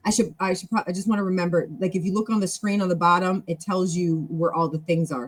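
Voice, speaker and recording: A middle-aged woman hosts a relaxed live stream and talks quickly. Her voice jumps high and loud when she gets excited, then drops back to easy conversation. She often restarts her sentences as she goes. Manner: animated and chatty, with big jumps in pitch and loudness; talks fast, with self-corrections. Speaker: show host and club leader. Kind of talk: casual live-stream talk.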